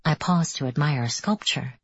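Female audiobook narrator, low husky voice, measured storytelling, dull dry recording. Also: no room sound. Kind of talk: first-person scripted audiobook narration.

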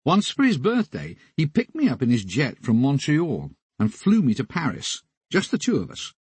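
A man reads his memoir aloud with a husky edge to his voice. His delivery is wry and deadpan, and his pitch rises and falls freely, giving the lines a lively, storytelling lilt. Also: normal speed, no echo. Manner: wry, deadpan comic asides. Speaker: memoir narrator. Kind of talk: audiobook memoir narration.

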